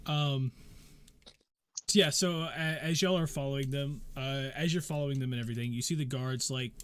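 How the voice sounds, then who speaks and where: A man's voice: medium pitch, steady tone, moderate pace, fairly bright tone, clear, resonant tone. A man running a tabletop game as game master, narrating loosely with many fillers.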